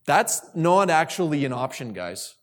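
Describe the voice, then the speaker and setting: This youth speaker's voice is a little high, a bit bright, sing-song, and a little slow. In his sermon to a youth group, he asks questions, calls on listeners, and repeats key phrases for emphasis.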